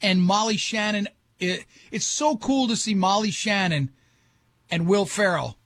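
A man's voice: high voice, measured pace, fairly bright tone, dry recording. A man hosting morning radio, chatting loosely and joking with his co-hosts. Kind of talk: casual on-air banter.

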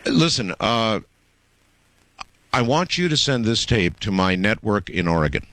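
Emphatic low-voiced male radio host. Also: big pitch swings, measured pace, fairly bright tone, no room sound. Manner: interrupting, emphatic, stammering restarts. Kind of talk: late-night call-in radio talk.

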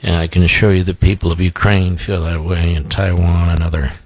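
A man's voice: sits low, flat delivery, brisk, a little mellow, no echo. A male radio talk show host giving a blunt, combative opinion monologue into a studio microphone.

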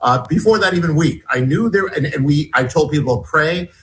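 A man being interviewed as an author, telling a story in a halting way, restarting and repeating his words as he goes. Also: fairly high pitch, expressive, slight background noise, poor audio. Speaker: guest author.

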